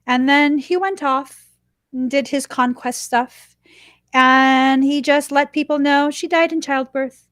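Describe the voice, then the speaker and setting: Chatty woman host, bright higher voice. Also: slow, dry recording, studio quality. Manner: animated, chatty, laughs while telling. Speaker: podcast host. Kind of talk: casual personal storytelling.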